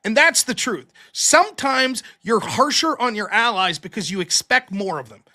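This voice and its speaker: A man's voice: high-pitched, sing-song, normal speed, bright, forceful tone. A man in a casual debate, talking profanely and telling stories with animation.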